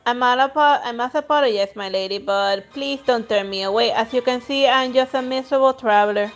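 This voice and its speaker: A sly stranger, a female spy, fawning and mock-polite, read by a woman playing a story game. Her voice sits fairly high. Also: brisk, soft background music, lightly acted. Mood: pleading. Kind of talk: reading game dialogue aloud.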